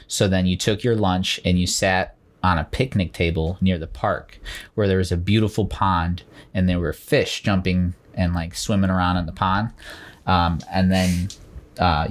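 A man in casual conversation, rambling through stories with lots of fillers. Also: sits low. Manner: rambling storyteller, freestyles crude rap. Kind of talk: casual chat.

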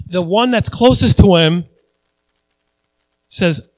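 High-voiced male pastor preaching conversationally. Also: expressive, takes it slowly, a little mellow, no room sound, low-quality recording. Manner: conversational preaching with repeated phrases for emphasis; acts out voices of people he quotes. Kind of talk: sermon.

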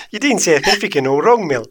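A man's voice: high voice, very animated, moderate pace, husky. A man co-hosting a podcast in casual chat, teasing and playful. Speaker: podcast co-host.

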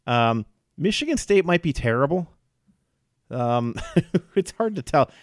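A man's voice: a little high, sing-song, unhurried, dry recording. Sports host, male, conversational and number-heavy, laughs easily, dry booth sound. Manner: chatty, analytical, laughs easily, quotes stats. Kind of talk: casual sports chat.

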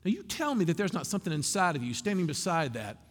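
A man preaching a sermon as pastor, animated and conversational with asides to the congregation. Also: high-pitched, quick pace, long reverb tail.

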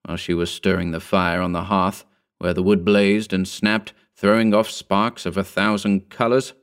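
A man reading an old story aloud in a measured, formal narration. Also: sits low, little pitch movement, clear, resonant tone. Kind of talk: scripted narration.

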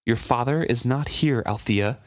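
A man's voice: medium pitch, moderate pace, dry recording, clean studio sound, natural voice. A man reading aloud the lines of a stern male ship captain who speaks in a clipped, restrained way. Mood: restrained anger.

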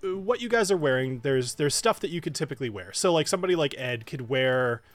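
A man runs a tabletop game in a lively voice. His pitch rises and falls a lot, and he stumbles through fillers and restarts. Faint music plays behind him. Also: fast talker, no room sound. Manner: laughing, hesitant, many restarts and fillers. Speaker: game master.

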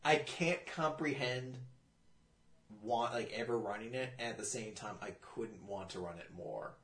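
A man's voice: lowish voice, normal speed, fairly bright tone, reverberant. A man co-hosting a comedy podcast in casual chat, laughing often and making silly noises. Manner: giggly, often laughing, breaks into brr sounds. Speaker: podcast co-host.

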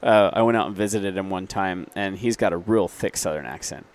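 Low-voiced man telling rambling stories. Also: brisk. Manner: rambling, self-correcting, many fillers. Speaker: guest, reclaimed wood business owner. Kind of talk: casual interview storytelling.

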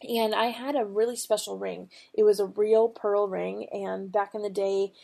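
Middle-aged woman host, devotional podcast, gravelly edge, earnest and conversational. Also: mid-range voice, flat delivery, normal speed, warm tone. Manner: earnest, personal storytelling with fillers.

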